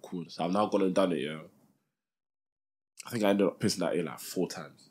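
A young man speaks in a fairly low voice during a podcast chat. He is laid-back and loose, and he tags "innit" onto almost every sentence. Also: brisk, a little mellow, breathy edge. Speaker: podcast co-host. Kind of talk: casual chat, storytelling.

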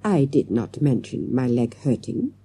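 A woman's voice: a bass voice, sing-song, measured pace, warm tone, slightly rough, no echo, full character voice. Woman reading a menacing foreign villainess. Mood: cool denial. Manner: stilted foreign word order, mock-polite threats. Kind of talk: audiobook character voice.

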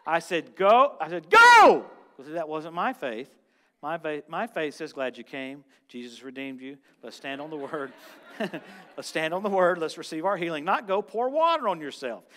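Animated man preaching a lively sermon. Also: a little high, normal speed. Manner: animated, swings from loud shouts to quiet asides. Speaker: guest preacher.

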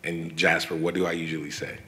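A man in his thirties talking excitedly on stage at a live event, telling animated stories full of slang and laughter. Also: deep voice, fairly quick, heavy background noise. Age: 30s. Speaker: guest artist. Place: event venue before a live audience.

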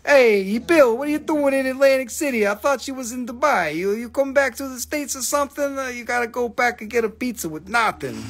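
A loud, swaggering street-talking guy, as a man puts him on, his voice pushed up high and punchy. He mocks and teases with a cocky drawl and keeps throwing "man" onto his lines. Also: expressive, a little fast, hardly any pauses, heavily acted. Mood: teasing.

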